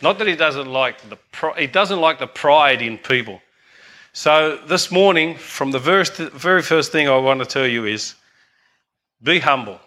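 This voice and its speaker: A man's voice: fairly high pitch, sharp tone. An older man preaching a sermon earnestly, often asking the congregation "amen?".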